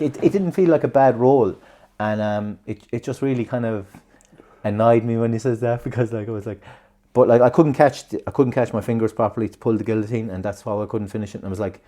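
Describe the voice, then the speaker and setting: A man's voice: medium pitch, mellow. A man with an Irish accent, co-hosting a podcast in casual chat, telling rambling stories with plenty of swearing and laughter. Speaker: podcast co-host.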